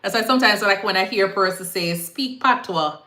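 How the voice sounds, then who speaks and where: A woman's voice: medium pitch, fast talker, pushed and bright. A young woman with a Jamaican accent, a nurse hosting a casual live Q&A and mixing patois phrasing into her advice. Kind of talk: casual live-stream chat. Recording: echoey room.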